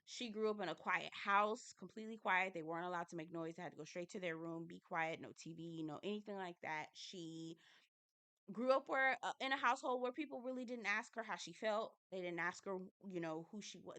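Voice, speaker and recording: A woman's voice: lowish voice, a little fast, pushed and bright, clean tone, dry recording. A woman recapping a reality show in a casual, candid and chatty way, swearing now and then.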